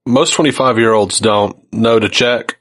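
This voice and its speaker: A man co-hosting a podcast in casual chat, cracking jokes and telling quick stories. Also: lowish voice. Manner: joking, animated storyteller. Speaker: podcast co-host.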